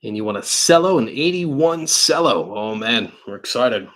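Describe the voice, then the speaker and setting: A New York man hosts a live card-break stream from an indoor studio, chatting casually and thinking aloud as he opens packs. His medium-pitched voice is expressive and fairly bright, moving at a normal speed.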